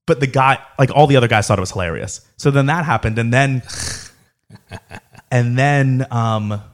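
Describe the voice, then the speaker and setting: A young man from South Florida casually telling a profane, animated story. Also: mid-range voice, normal speed. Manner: profane, animated anecdote telling with acted quotes.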